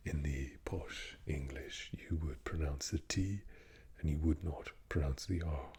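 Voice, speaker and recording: A man giving a whispered ASMR talk, speaking in a soft unvoiced whisper, an unhurried explainer who often doubts himself. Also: very deep voice, steady tone, slightly rough. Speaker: ASMR creator.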